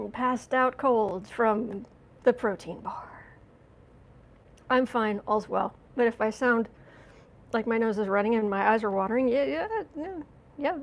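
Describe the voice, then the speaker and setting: Chatty American woman host, throat-clearing. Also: on the high side, low-quality recording. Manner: rambling and chatty, with frequent throat clearing and restarts. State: runny nose and watery eyes after a coughing fit. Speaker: astrology and tarot channel host. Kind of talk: casual live-stream chat.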